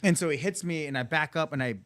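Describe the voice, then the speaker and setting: A man's voice: fairly high pitch, fast talker, a bit bright, dry recording, clean studio sound. A man telling a long personal story in casual podcast chat, full of profanity and acted-out quotes in a raised voice.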